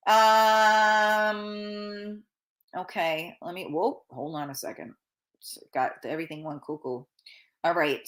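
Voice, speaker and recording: A middle-aged woman hosting a casual live stream, chatting bluntly and swearing freely while reading out viewer comments, with a runny nose. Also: low voice. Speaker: talk show host reading viewer comments.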